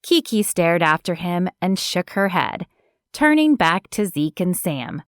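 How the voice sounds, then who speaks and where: Audiobook narrator, woman, slow and measured, dry close sound. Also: on the low side, very animated, no room sound. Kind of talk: scripted narration.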